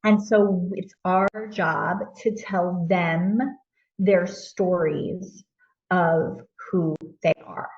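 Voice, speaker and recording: A woman's voice: on the low side, steady tone, drawn-out words, darkish tone. A woman giving a casual teaching talk to parents, speaking conversationally with loose fillers. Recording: echoey room, distant mic, dull lo-fi.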